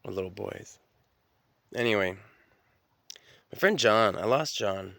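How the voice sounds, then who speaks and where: A man's voice: on the low side, expressive, measured pace, vocal fry, a bit bright, no echo. A man telling stories in a rambling, profane, stream-of-consciousness solo monologue, often restarting his sentences.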